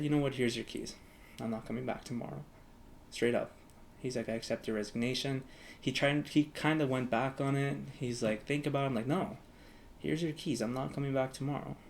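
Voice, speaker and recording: In a laid-back storytelling vlog, a young adult man talks to camera, acting out both sides of old conversations and filling his rambling with "like." The voice is mid-range and a little mellow, over a faint hiss or hum.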